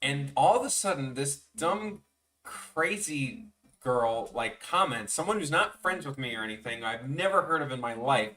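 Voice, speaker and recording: Bright-voiced young man, rambling and profane. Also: expressive, moderate pace. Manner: rambling, profane, mimics people in squeaky voices. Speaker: animator streaming his work. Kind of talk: casual storytelling chat while drawing. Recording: voice a bit far from the mic, faint music behind.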